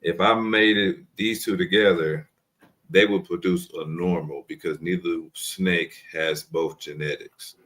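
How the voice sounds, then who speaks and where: A man's voice: deep voice, steady tone, unhurried, a bit bright. A man in a casual video call, explaining his snakes step by step and repeating himself as he goes. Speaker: snake breeder guest. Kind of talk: casual show-and-tell chat.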